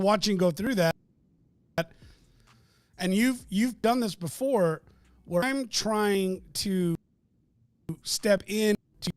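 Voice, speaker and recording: A man with a high voice speaks haltingly and reflectively, restarting his sentences as he thinks. The sound is dry and close, with no room echo. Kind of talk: casual conversation.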